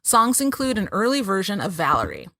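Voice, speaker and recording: A woman's voice: medium pitch, huge pitch swings, brisk, sharp tone, no room sound, clean studio sound. A woman hosting a podcast, chatting casually and laughing often as she reads out episode notes. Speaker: podcast host.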